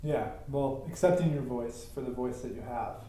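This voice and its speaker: A man's voice: medium pitch, normal speed, mellow. A man hosting a podcast interview, affirming his guest with frequent thanks and murmurs of agreement. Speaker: podcast host. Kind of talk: casual interview talk. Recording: very echoey room.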